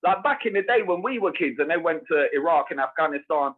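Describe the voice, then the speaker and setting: A man co-hosting a casual podcast chat rants with heavy swearing and constant "bro" and "bruv." His fairly high voice is fast with lively intonation. He's on a remote call, so the audio sounds tinny and phone-like.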